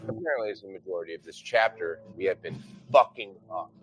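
An actor reading out an angry email as a furious young sorority officer, profane and sneering, often breaking into shouts. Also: male voice, deep voice, expressive, quick pace, slight background noise. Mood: seething. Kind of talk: dramatic reading of a profane rant.

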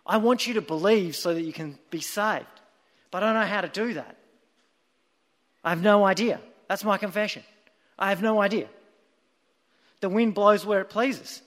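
High-voiced preacher in a reverberant hall. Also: male voice, normal speed, long pauses, fairly bright tone. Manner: earnest, emphatic storytelling. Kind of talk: sermon.

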